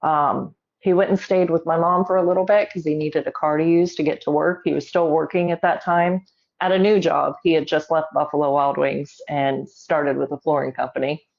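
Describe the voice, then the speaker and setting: A middle-aged woman telling a personal story in an interview, measured and emotional, holding back tears. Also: sits low, steady tone, vocal fry, a little mellow, dull audio. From South Carolina, US. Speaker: guest.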